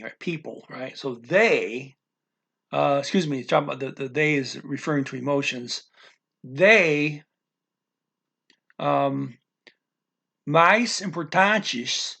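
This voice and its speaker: Slow, gravelly man teaching a language. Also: a little high, fairly bright tone. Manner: halting, self-correcting explanations with many fillers. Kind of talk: casual language lesson.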